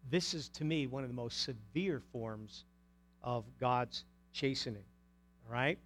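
A man's voice: mid-range voice, unhurried, fairly bright tone. A male pastor preaching an emphatic sermon, asking the congregation pointed rhetorical questions.

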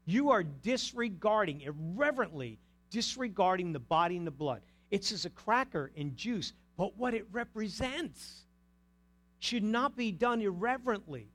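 A man's voice: sits high, lively intonation, normal speed, a bit bright. A male pastor preaching an emphatic sermon, asking the congregation pointed rhetorical questions.

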